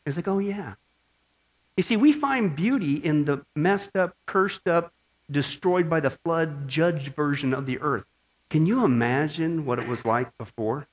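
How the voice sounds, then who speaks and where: High-voiced, lively male preacher. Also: moderate pace, rough recording. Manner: animated, asks the audience questions. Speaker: preacher teaching a Bible study. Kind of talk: sermon.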